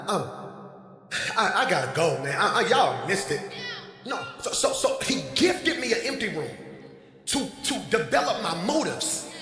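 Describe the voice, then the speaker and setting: A man's voice: high voice, sharp tone. A middle-aged male pastor preaching a conversational sermon from a stage in a large hall, talking back and forth with the congregation. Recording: echoey hall.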